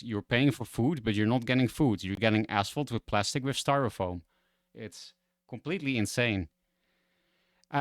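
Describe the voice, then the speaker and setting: A man's voice: mid-range voice, no echo, studio quality. A young man from the Netherlands with a Dutch accent, chatting and ranting casually as a streamer, swearing and exasperated.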